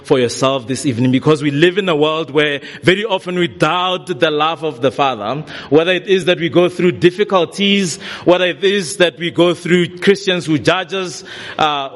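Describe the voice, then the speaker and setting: An earnest man preaching a sermon, his voice sitting a little high for a man. He leans on repeated phrases to drive his point home. The sound rings out with the long reverb of a large hall. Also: normal speed, fairly bright tone.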